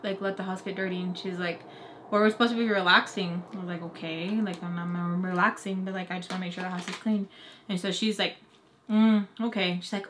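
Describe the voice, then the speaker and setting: A woman's voice: medium pitch, pushed and bright, a little hiss or hum. Chatty young woman telling a story. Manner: chatty retelling, acting out both sides of conversations, lots of "like". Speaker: storytime vlogger. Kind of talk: casual storytelling.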